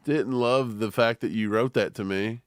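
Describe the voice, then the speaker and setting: A man co-hosting a live football draft reaction stream speaks casually at normal speed in a fairly low voice. He's animated and keeps slipping into silly voices to mimic people.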